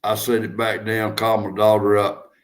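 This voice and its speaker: A man's voice: fairly low pitch, little pitch movement, moderate pace. An older man chatting casually as a host, telling stories in a folksy, drawling way. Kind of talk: casual chat.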